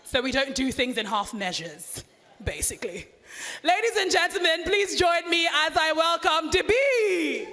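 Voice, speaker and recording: A woman's voice: very high-pitched, animated, unhurried, some chatter behind, a little hiss or hum. A Nigerian woman presenting at an event on stage, chatty and informal, introducing the next speaker. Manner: chatty, informal, with warm asides. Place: large indoor event hall. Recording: echoey festival hall.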